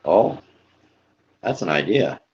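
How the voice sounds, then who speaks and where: A laid-back man joins a live-stream chat as a guest. His voice sits a bit low and he trades easygoing banter. The audio comes through muffled and lo-fi. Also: very animated, slow pace, breathy edge.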